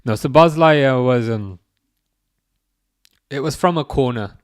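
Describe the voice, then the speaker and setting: A young man streaming a live football watchalong, chatting casually, reading chat messages aloud and reacting with sudden bursts of excitement. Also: mid-range voice, unhurried, no echo, studio quality.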